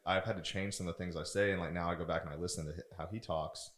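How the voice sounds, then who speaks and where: A man's voice: low-pitched, steady tone, quick pace, echoey room. A man co-hosting a podcast, chatting casually and teasing in an easygoing way. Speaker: podcast co-host. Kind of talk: casual chat.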